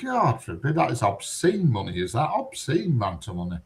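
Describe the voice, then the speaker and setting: A man's voice: medium pitch, huge pitch swings, a little fast. A man telling stories in a casual, blunt chat, swearing and laughing at his own tales. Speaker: storyteller in a group chat.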